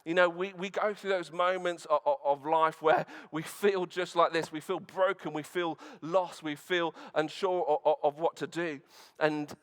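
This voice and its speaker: A man's voice: a little high, fairly even intonation, normal speed, a bit bright, clear, resonant tone. A male pastor preaching a sermon in church, retelling a scripture story earnestly with frequent restarts and fillers.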